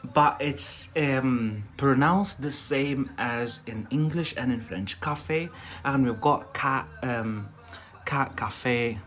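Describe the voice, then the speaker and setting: A man teaching English in a live lesson, talking very slowly at an average pitch. He explains step by step, hesitates often with fillers and restarts, and keeps checking with a quick "yeah?". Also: fairly bright tone. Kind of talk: live online vocabulary lesson.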